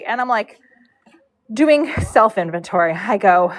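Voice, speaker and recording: A woman's voice: fairly high pitch, a little slow, poor audio. Chatty woman telling a story. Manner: animated, rambling, with frequent fillers. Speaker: horse braider and live streamer. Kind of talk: casual storytelling on a livestream.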